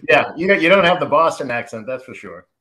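A man from Massachusetts, a sports insider co-hosting a podcast, who talks in a halting way and often repeats himself as he chats casually. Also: on the high side, sing-song, a crowd in the background. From Lynn, Massachusetts. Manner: halting, self-interrupting. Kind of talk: casual chat.

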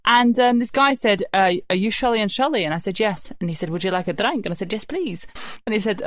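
Fast-talking woman podcast co-host. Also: mid-range voice, animated, dry recording. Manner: brisk, dry storyteller who swears for comic effect. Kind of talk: casual chat.

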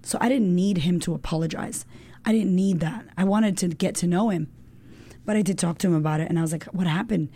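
A woman in her thirties, a women's coach, talking as a guest in an animated, emotional way, full of fillers and the odd swear word. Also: on the low side, brisk, breathy edge. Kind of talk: casual chat.

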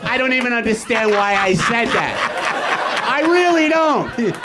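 High-voiced shouting New York man. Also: very animated, slow, over a noisy crowd, very noisy. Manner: shouts angry rants, then drops to mumbled asides. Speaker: comedian doing a rant segment. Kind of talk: ranting stand-up bit on a live podcast. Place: small comedy theater stage with audience. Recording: live theater audience audible.

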